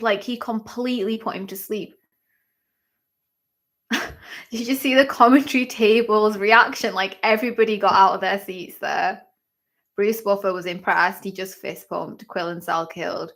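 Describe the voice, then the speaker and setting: A woman hosts a live fight-watching stream, talking casually with plenty of fillers. She breaks into excited exclamations as she reacts. Her voice sits mid-range with a gravelly vocal fry. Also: medium pitch, a little slow. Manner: chatty, filler-heavy talk. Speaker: livestream host.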